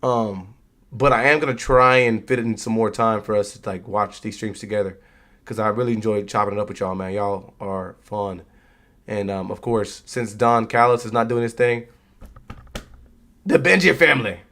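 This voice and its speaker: A man's voice: fairly low pitch, moderate pace, fairly bright tone. A young man hosting a live stream, chatting casually with his viewers about wrestling in a laid-back, slangy way. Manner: laid-back, slangy, talks straight to chat.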